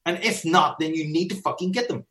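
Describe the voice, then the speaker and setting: A man's voice: on the high side, a little fast, fairly bright tone. Blunt swearing man coaching trainers. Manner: blunt, swears often, acts out dialogue. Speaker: fitness business coach. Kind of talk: casual podcast chat.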